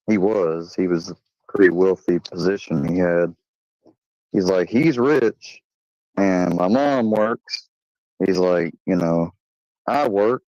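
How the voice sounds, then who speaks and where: A man's voice: fairly low pitch, a little mellow, no room sound. A man casually telling a personal story, rambling with fillers, restarts and slang. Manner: swearing, slangy. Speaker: channel host. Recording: dull lo-fi sound.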